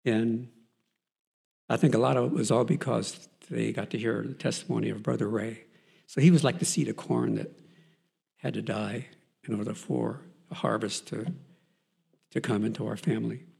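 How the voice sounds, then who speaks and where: A man shares his Christian testimony in an earnest, storytelling way, often pausing on fillers and restarting his sentences. His voice sits at an ordinary pitch but has a gravelly edge and a husky texture. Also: steady tone, a little mellow. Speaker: person giving a Christian testimony. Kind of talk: personal faith testimony.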